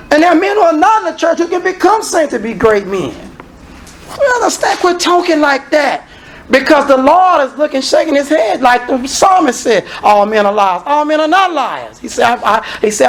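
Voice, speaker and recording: Animated male preacher with lively pitch. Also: creaky, slight background noise. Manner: animated preaching, swinging from low asides to shouted exclamations; calls and questions aimed at the congregation. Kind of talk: sermon.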